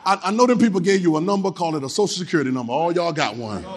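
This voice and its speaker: A high-voiced man preaches to a congregation, dropping into low, rapid asides and then shouting lines to be repeated back. His voice carries a long reverb from a large hall. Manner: call-and-response, repeats phrases, shifts from low talk to shouting. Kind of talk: sermon.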